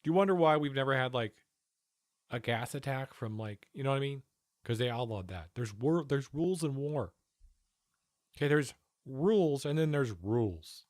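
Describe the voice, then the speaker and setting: A man talks straight into a close microphone in a dry room, riffing loosely and with plenty of profanity. His tone is sarcastic and offhand, sliding between mocking asides and fast rants, with his pitch sitting in a middle range. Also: expressive, dry recording. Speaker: streamer reacting to a news panel. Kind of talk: casual livestream commentary.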